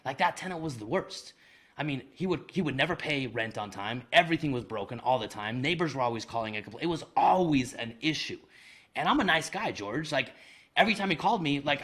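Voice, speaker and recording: A man telling a personal story as a podcast guest, animated and self-deprecating, with casual slang like "man" and "dude.". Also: on the high side, brisk. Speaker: guest, real estate investor. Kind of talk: conversational storytelling.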